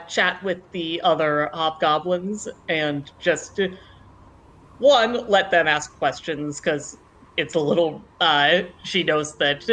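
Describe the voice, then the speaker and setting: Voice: medium pitch, a bit bright. A tabletop game player who explains their character's plans in chatty, rambling asides.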